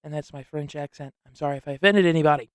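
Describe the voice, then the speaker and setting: Young male sports host, slangy and excitable, slightly high voice, dry booth sound. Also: racing, smooth, no echo. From upstate New York. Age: young adult. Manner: rambling and excitable, heavy slang. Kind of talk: casual solo sports talk.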